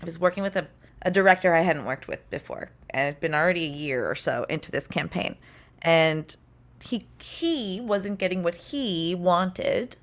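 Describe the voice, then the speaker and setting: A woman voice actor chatting casually, telling lively stories and mimicking the people she quotes. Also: on the low side, moderate pace. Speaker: podcast guest, voice actor. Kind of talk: casual chat. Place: recording studio.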